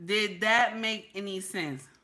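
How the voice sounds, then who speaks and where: A married woman hosting her own channel, giving blunt, profane, animated commentary straight to her viewers. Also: medium pitch, takes it slowly. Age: adult, married. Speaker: channel host.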